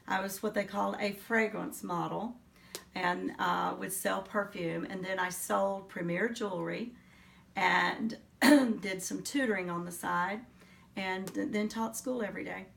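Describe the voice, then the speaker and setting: Brief: middle-aged woman, gravelly, earnest and reflective storyteller, interviewee. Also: mid-range voice, a bit bright, recorded from a distance. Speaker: interviewee, teacher. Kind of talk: oral history interview.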